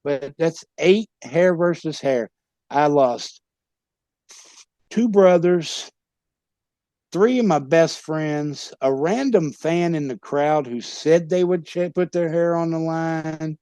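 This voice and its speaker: A man's voice: fairly high pitch, slow, mellow, smooth, dry recording. A man, a former pro wrestler, telling rowdy, profane stories in a casual interview and laughing at his own pranks.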